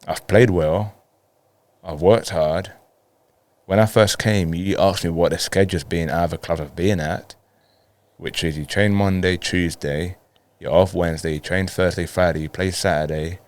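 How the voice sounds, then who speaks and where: A young man from Colombia, a professional footballer telling his story in a laid-back way, acting out quick bits of dialogue. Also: sits low, steady tone, a little mellow, no echo. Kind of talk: casual storytelling interview.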